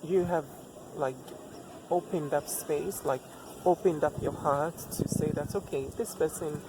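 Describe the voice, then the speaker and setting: Taking his time, a man whose voice runs on the high side gives relationship advice in a thoughtful solo talk. He leans on repetition and rhetorical questions, and a steady background hum runs beneath the recording.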